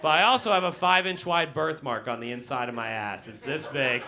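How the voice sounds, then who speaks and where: A man with a mid-range voice and a sharp tone talks briskly through a brash stand-up set on a brewery stage, laughing at his own jokes. The live room carries audience noise and laughter.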